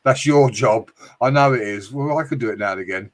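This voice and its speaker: A man's voice: mid-range voice, a little fast. Joking British man hosting a livestream. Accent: British English. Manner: jokey, swearing, frequent laughs. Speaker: livestream host reading chat. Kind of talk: casual livestream chat.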